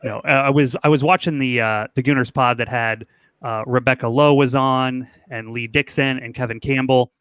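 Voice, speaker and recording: A man co-hosting a casual podcast who tells stories with a joking manner. His voice is bright and forceful at a middle pitch. The sound is dry and close. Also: fairly even intonation, normal speed, clear, resonant tone, no echo. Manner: joking storyteller. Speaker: podcast co-host. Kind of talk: casual chat.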